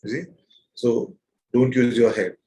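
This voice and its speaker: A man leading a satsang as spiritual teacher, probing his listeners with repeated questions in a gentle, playful way. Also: medium pitch, steady tone, a little slow, low-quality recording. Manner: gentle and playful, with soft laughs. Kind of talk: satsang teaching to a live group.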